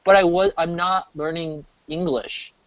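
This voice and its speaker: An American man in his thirties chatting casually while he streams, rambling, restarting sentences and getting animated. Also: fairly high pitch, measured pace, no room sound. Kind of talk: casual chat. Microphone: desk mic. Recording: dull lo-fi mic.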